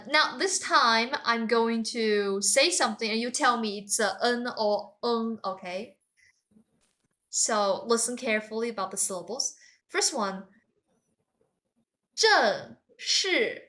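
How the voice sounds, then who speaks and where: A woman from southern China teaches a pronunciation lesson, speaking English. Her voice is bright and sits fairly high. She talks slowly and patiently, keeping a playful, encouraging tone and praising her students often. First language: Chinese. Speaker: Chinese teacher. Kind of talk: language lesson.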